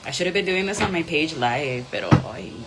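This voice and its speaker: A woman's voice: sits low, expressive, fairly quick, over loud music, low-quality recording. A woman doing a live tarot reading, blunt and profane, switching between English and Spanish. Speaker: tarot reader.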